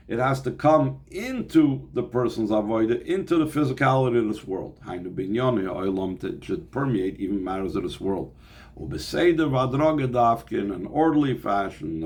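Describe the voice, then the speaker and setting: A man with a fairly low voice teaches a Torah class. He reads each Hebrew phrase aloud, then translates and unpacks it in a patient, explanatory way. He pauses and restarts now and then as he works through the text. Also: darkish tone.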